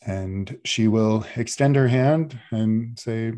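A man's voice: lowish voice, slow, dark tone. A man narrating a tabletop game as game master, describing scenes at length with frequent fillers.

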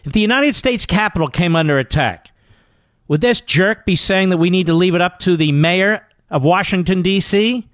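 A man's voice: high voice, normal speed, no echo. A man hosting a talk radio show, delivering combative, scornful commentary into a studio microphone.

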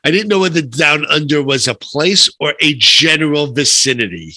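A man with a New York accent hosting a podcast interview, chatty and animated, with dry humor. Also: on the high side, normal speed, no echo. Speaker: podcast host.

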